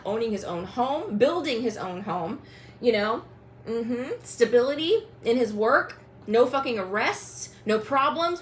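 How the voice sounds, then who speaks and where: A woman's voice: a little high, a little hiss or hum, poor audio. A young woman hosting a livestream, ranting angrily and mockingly, swearing and calling out people directly. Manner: angry, profane, mocking, addresses people directly. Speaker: tarot reader hosting a livestream. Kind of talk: livestream rant to viewers.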